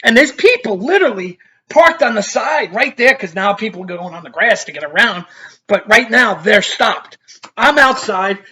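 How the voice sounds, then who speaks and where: A man's voice: high-pitched, moderate pace. A middle-aged man telling a story in a casual, rambling way, swearing freely. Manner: profane, animated, rambling storyteller. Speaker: vlogger.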